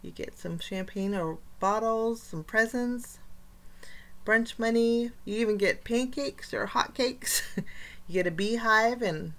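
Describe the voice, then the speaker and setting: A woman's voice: a little high, a little slow, a bit bright. A woman hosting a casual craft unboxing, chatty and enthusiastic, with frequent fillers. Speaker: craft channel host.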